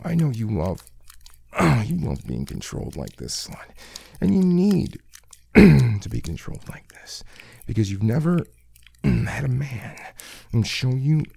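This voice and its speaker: A man playing a domineering, crude male kitchen coworker in an adult audio role-play, taunting and commanding in a husky voice with breathy asides. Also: medium pitch, warm tone, dry recording, exaggerated voice.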